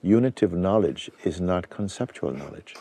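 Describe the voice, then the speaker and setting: A man giving a spiritual talk to an audience, speaking slowly and reflectively with pauses and restarts. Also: sits low, lively intonation, vocal fry, mellow, husky. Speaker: spiritual teacher.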